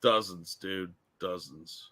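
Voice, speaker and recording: Bright sharp-voiced guy talking politics, mocking and blunt, dry sound. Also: deep voice, slow pace, no room sound. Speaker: co-host. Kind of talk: casual political chat.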